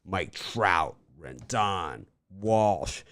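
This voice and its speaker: A man hosting a sports betting show, chatting casually and rambling through stories with animated energy. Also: deep voice, very slow, dry recording, clean studio sound.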